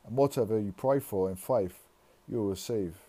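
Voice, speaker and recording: Brief: calm male teacher figure, low mellow voice, read by a man. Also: normal speed, close to an everyday voice. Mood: measured.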